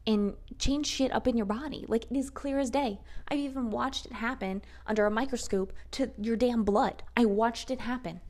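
A woman's voice: on the high side, darkish tone. A woman hosting a solo podcast, talking heatedly and sarcastically and swearing freely. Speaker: podcast host.

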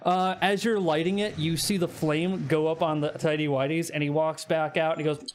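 A man running a tabletop game as game master, loose and quick to laugh. His speaking voice sits fairly high. Casual banter among players. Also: flat delivery.

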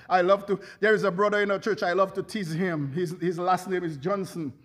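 A man's voice: high-pitched, steady tone, normal speed, fairly bright tone. A man preaching a sermon as pastor, fervent, with frequent hallelujahs and bursts of laughter.

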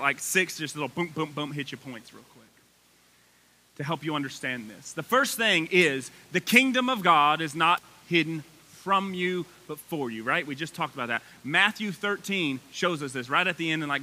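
A man delivering a lively sermon to his congregation. His voice sits high and gets higher as he gets excited, with a very bright, forceful edge. He mixes fired-up preaching with casual, chatty asides. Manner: energetic, voice climbs high when excited. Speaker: pastor.

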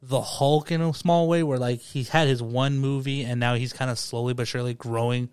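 A man's voice: medium pitch, fairly even intonation, fairly quick, darkish tone, clear, resonant tone, no room sound. A man hosting a casual podcast chat about a movie, rambling and repeating words while he gathers his thoughts. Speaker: podcast host.

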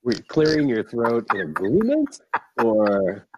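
A man hosting a casual podcast chat, animated and swearing freely, laughing often. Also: medium pitch, unhurried, muffled recording, slight background noise. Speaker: podcast host.

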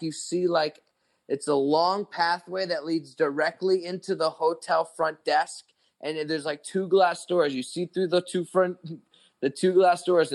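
A man's voice: fairly high pitch, gravelly. A man in his twenties, a podcast co-host, telling a long story in casual chat, rambling with lots of "like" and swearing.

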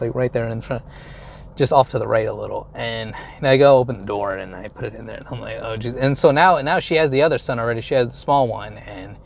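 A man's voice: medium pitch, gravelly, slight background noise. A young adult man telling a story in a casual monologue, rambling along with lots of fillers and casual swearing.

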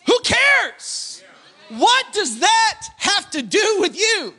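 A male pastor preaching an energetic sermon, repeating phrases for emphasis, calling on the congregation and shouting key lines. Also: extremely high pitch, extremely slow.

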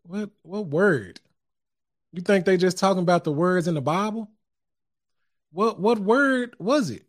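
A man's voice: high voice, lively intonation, measured pace. A man hosting a podcast, preaching casually in a loose monologue. He chuckles often and curses without fuss. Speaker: podcast host. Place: home studio.

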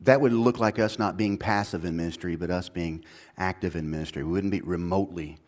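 A man preaching a sermon as pastor, moving from quiet, low reflection to loud, high-pitched exhortation, with casual slang and repeated restarts. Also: brisk.

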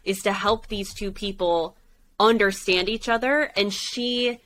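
A woman's voice: medium pitch, fairly even intonation, measured pace, fairly bright tone, slight background noise. A woman co-hosting a casual chat about a dating show, talking emphatically and firing off rhetorical questions. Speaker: podcast co-host.

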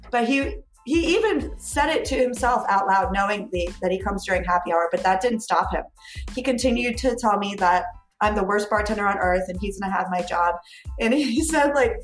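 Woman, podcast co-host, casual storytelling, animated, roomy room, faint music. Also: medium pitch, fairly quick. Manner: animated storyteller, laughs often, acts out quotes.

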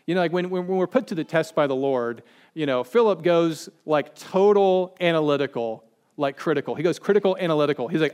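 Male pastor, slightly higher-pitched voice, relaxed joking sermon delivery. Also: fairly quick, clear, resonant tone. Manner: chatty, joking, acts out quoted people. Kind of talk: conversational sermon.

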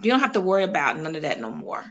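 A woman, a singer sharing a personal story in a casual interview, animated and quoting others with repeated phrases. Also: deep voice, rapid-fire, lo-fi sound.

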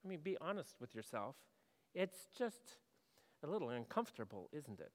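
A male pastor preaching a sermon in a conversational way, asking the congregation questions and moving between loud and hushed delivery. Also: fairly high pitch, very animated, moderate pace, big-room sound.

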